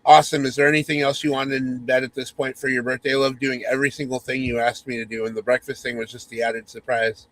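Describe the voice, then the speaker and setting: A man's voice: mid-range voice, level tone, fast talker, few pauses, close to an everyday voice, rough recording. A man voicing a sweet, doting young husband who talks with cheesy sincerity.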